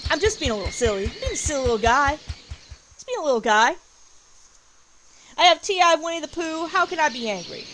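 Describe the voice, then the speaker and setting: A woman's voice: high-pitched, sing-song, fairly quick, long pauses. A woman hosting a let's play, giving casual, rambling commentary and playfully trash-talking the game's enemies. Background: loud game music.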